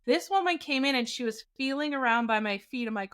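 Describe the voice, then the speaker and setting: High-voiced animated woman storyteller. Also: brisk, hardly any pauses. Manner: animated, laughing while telling a scary story. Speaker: podcast co-host. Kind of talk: casual storytelling.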